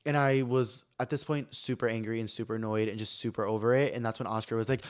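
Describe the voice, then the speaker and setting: A man's voice: mid-range voice, fairly even intonation, fast, smooth. A man hosting a podcast, telling a rambling, gossipy story in casual chat and filling it with "like". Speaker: podcast host.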